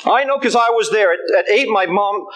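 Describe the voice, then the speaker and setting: A man's voice: high voice, a little fast, a bit bright, low-quality recording. An older man preaching a sermon, emphatic and repeating his refrains.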